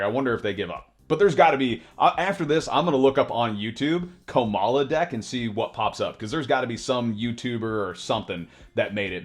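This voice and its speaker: A man giving casual, excitable commentary over his own digital card game match, in a laid-back voice that says dude and bro a lot and laughs often between plays. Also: medium pitch. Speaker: card game content creator.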